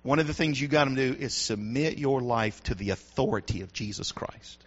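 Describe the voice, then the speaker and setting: A man's voice: mid-range voice, moderate pace, slightly rough. A middle-aged man, a pastor, preaching a sermon with call-and-response asides to the congregation. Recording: dull lo-fi sound.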